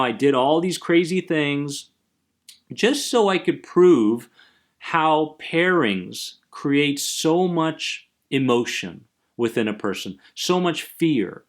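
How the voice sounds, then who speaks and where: A man hosting a self-help podcast, talking earnestly and emphatically about anxiety and often checking in with "right?". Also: a little high. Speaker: anxiety coach and podcast host. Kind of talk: motivational self-help talk.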